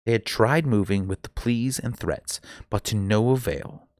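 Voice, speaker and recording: A man's voice: fairly low pitch, a little slow, darkish tone, dry recording, studio quality. A man reading a novel aloud live, telling it expressively with an occasional stumble. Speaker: book reader.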